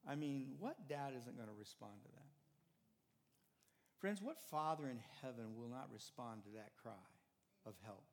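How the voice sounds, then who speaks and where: An older man preaches in a relaxed, conversational way, now pressing a point hard, now dropping almost to a murmur. His mid-pitched voice trails off into a long church reverb. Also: a little slow. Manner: conversational preaching, rising to emphatic then dropping soft. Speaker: pastor. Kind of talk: sermon. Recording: hall reverb.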